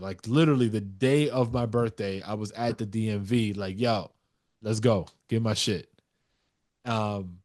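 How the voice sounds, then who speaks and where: Animated New York-raised male podcaster. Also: fairly low pitch. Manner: animated storyteller, swears casually. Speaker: podcast co-host. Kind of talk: casual chat.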